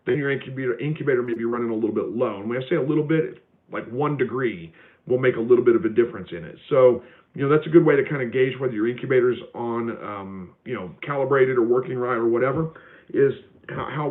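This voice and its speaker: A man's voice: mid-range voice, fast. A man hosting a live stream, chatting casually as he answers viewer questions, with lots of fillers and restarts. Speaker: homestead livestream host. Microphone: phone. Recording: tinny phone audio.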